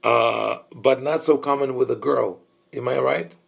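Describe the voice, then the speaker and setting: Male rabbi giving a study lecture; reflective and explanatory, medium pitch, hesitant and conversational. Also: measured pace, creaky, slightly rough. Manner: thoughtful, explanatory, many fillers and restarts; engages listeners with questions. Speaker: rabbi teaching a class.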